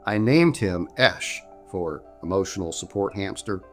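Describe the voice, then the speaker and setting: Low-voiced man telling a chatty story. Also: moderate pace, fairly bright tone, soft background music. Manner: chatty, jokey, many restarts and "so anyway". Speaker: vlogger telling a personal story. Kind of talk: casual storytelling to camera.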